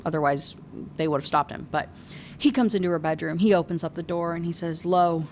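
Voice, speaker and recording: A woman's voice: sits low, a little fast, a little mellow. A young woman recaps a novel in a loose, chatty rant, full of sarcasm and swearing. She sounds exasperated with the characters. A faint noise sits under her voice. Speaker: book reviewer. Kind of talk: casual rant review.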